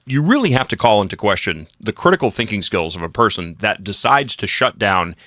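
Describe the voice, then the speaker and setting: Animated sarcastic talk radio host. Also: male voice, fairly low pitch, fairly quick, dry recording, clean studio sound. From New England. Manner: ranting, sarcastic, with many restarts. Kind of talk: casual political talk radio chat.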